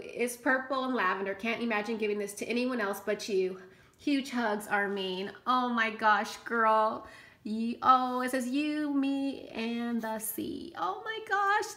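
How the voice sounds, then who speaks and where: A woman craft vlogger opening gifts in an unboxing vlog, gushing and excitable, often squealing and gasping. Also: a little high.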